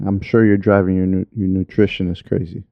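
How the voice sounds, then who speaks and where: A man hosting a casual sports interview, laid-back and affirming, with quick short replies. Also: deep voice, flat delivery, no room sound, highs cut off. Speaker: interviewer, host.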